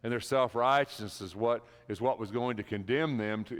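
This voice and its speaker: A man's voice: mid-range voice, moderate pace, hardly any pauses. A man preaching a sermon in a church, talking with emphasis and building to impassioned peaks. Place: church sanctuary. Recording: reverberant church hall.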